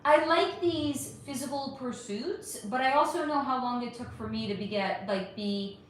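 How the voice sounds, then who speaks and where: A woman's voice: high voice, normal speed. Chatty woman in an echoey room. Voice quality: chatty, frequent swearing, calls viewers honey. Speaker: livestream host. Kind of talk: casual live-stream chat reading comments. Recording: very echoey room, faint background hum.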